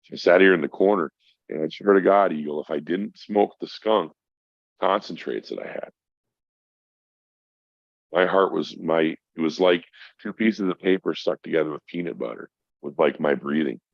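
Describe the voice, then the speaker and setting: A low, creaky male voice at a moderate pace, pausing often, with no room sound and a dry, dull lo-fi recording. The middle-aged man is a podcast guest telling a personal story casually, swearing a lot, speaking emphatically and calling the host bro.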